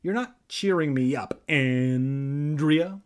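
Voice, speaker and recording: A high-strung boy from a storybook whines and frets in a raised, strained voice, as a man reading aloud puts him on. The voice has a husky, breathy edge. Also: sing-song, moderate pace. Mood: whiny. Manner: whining, high-strung complaints. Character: whiny anxious boy babysitter.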